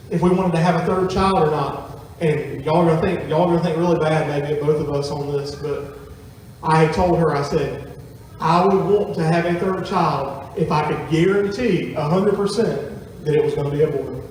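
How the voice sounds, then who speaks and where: Folksy pastor in echoing hall. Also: male voice, fairly high pitch, darkish tone. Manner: folksy storytelling to congregation. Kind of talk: sermon. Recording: echoey hall from far off.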